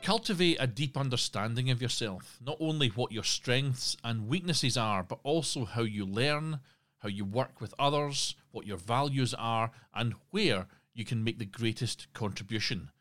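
A man's voice: medium pitch, animated, normal speed, a bit bright. A man hosting a solo podcast, talking casually with asides and restarts. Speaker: podcast host.

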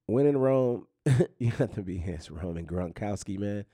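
Gravelly low-voiced man rambling about sports. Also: normal speed, dark tone, no echo, studio quality. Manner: rambling, repeats phrases, many "you know what I'm saying" fillers. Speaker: sports talk host. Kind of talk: casual sports news chat.

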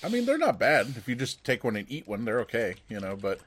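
A man's voice: mid-range voice, huge pitch swings, fast talker, a little hiss or hum. A man in casual podcast chat, teasing and cracking jokes. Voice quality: teasing, jokey.

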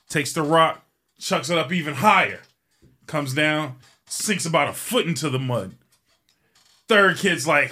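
A male host tells a long joke casually, in a bright, forward voice of middle pitch. He rambles and swears freely, and he fills his speech with ums and you-knows. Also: lively intonation, a little slow, long pauses. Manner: rambling and profane, with frequent fillers. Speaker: show host.

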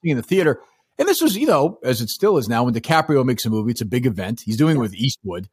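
A man's voice: mid-range voice, sing-song, fast, darkish tone, husky, no room sound. Dry-voiced, blunt man talking movies. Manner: opinionated, rambling and blunt. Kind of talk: casual movie-discussion chat.

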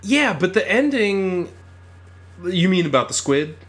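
A man's voice: sits high, a little slow. Enthusiastic male podcast co-host. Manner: enthusiastic, animated film talk. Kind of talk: casual chat.

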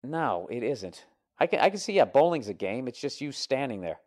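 A man holds forth on his comedy podcast in a profane, combative rant. He works himself up into loud bursts, then drops into low, mumbled asides. His voice sits in an ordinary middle pitch. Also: big pitch swings, normal speed. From United States. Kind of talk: ranting comedy podcast, reading listener emails.

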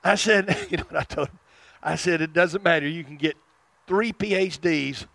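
A man from South Arkansas with a Southern accent, preaching a sermon and swinging between loud fervent stretches and hushed tender ones. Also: on the high side, normal speed, vocal fry, no echo. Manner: chuckles at his own asides.

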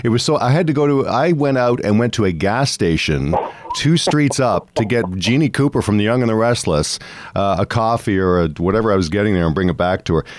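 Low-voiced male host reminiscing. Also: expressive, brisk. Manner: conversational, reminiscing. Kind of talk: casual interview chat.

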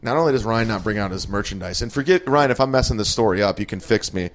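A man's voice: fairly low pitch, fast. Emphatic man telling comedy stories. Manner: storytelling, emphatic, stammering restarts. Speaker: comedian, podcast host. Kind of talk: casual green room chat.

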